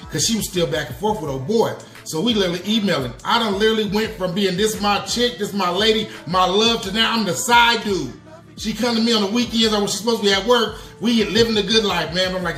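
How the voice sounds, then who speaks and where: A man tells a long personal confession on his podcast, talking in loose street slang and turning to the listeners with "y'all". His voice sits a bit high for a man. The room is echoey, with faint music underneath. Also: a bit bright. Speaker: podcast host. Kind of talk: storytelling confession.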